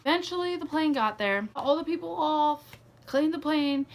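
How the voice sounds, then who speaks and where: A woman's voice: high-pitched, lively intonation, normal speed, slight background noise. A young woman telling a story to her vlog viewers in a chatty, casual way, full of "like" and "okay". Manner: chatty, says "like" and "okay" a lot. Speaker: vlogger.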